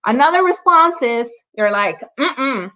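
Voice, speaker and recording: A woman's voice: fairly high pitch, moderate pace, a bit bright. Chatty woman trainer on muffled webinar audio. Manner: chatty, checks in with frequent "right?" and "you know"; laughs lightly between examples. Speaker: trainer leading a parent workshop. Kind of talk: conversational online training talk.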